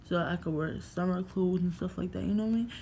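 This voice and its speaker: A woman's voice: lowish voice, quick pace, dark tone, slight background noise. A young woman from New York vlogging casually at home, rambling through a story with lots of fillers and swearing.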